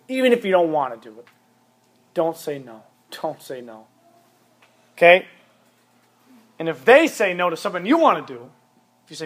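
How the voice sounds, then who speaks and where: A man's voice: high-pitched, sing-song, fairly quick, long pauses. A man preaching a sermon to young people, blunt and emphatic, often repeating his points. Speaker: youth pastor.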